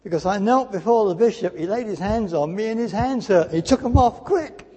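Older male preacher, husky and a touch high-pitched, animated storytelling, echoing church. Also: brisk. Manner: animated storytelling with sudden drops to hushed speech. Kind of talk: sermon. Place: church hall. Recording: long church reverb.

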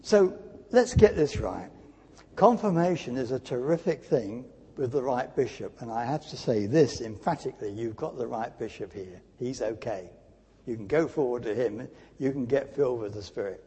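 An older man preaching a sermon in a church, telling stories with lively emphasis and dropping to a near whisper at times. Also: medium pitch, normal speed, slightly rough. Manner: animated storytelling with sudden drops to hushed speech. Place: church hall. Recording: long church reverb.

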